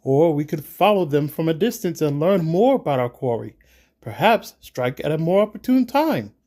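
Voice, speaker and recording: A proud, cautious warrior companion, as a male narrator puts him on in a fantasy read-along, pompous and blustering as he protests. The voice sits above the narrator's usual pitch, mellow in tone and slow in delivery. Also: very animated, husky, exaggerated voice. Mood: protesting.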